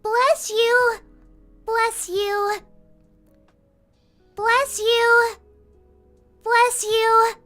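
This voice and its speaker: Super squeaky nervous nerdy lizard lady, stuttery, slow. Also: flat delivery, a bit bright, faint music behind, full character voice. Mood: nervous eager. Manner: stammering, awkward, repeats takes. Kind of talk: voice acting recording takes.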